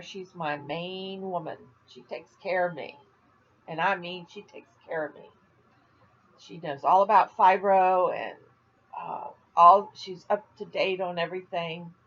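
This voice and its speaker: A woman's voice: lowish voice, vocal fry, breathy edge, lo-fi sound. An older woman from Florida chatting casually on a home video vlog, rambling and laughing at her own jokes. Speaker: vlogger. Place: at home, indoors.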